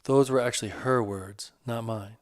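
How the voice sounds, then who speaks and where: A man's voice: medium pitch, fairly even intonation, no echo, clean studio sound, close to an everyday voice. A man as a hurting divorced man opening up. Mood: earnest, hurt. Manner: earnest, halting, casual. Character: divorced man, hurt and searching, candid.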